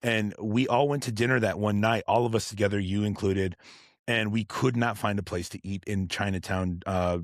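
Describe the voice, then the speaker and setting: Low-voiced, rambling tattoo artist guest. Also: male voice, steady tone, moderate pace, no room sound, studio quality. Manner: rambling, profane storyteller with many fillers. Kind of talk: casual podcast chat.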